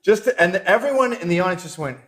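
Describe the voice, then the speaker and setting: A man's voice: high-pitched, quick pace. A man telling anecdotes as a guest in a casual interview, acting out the people he quotes. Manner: animated storyteller, acts out quotes.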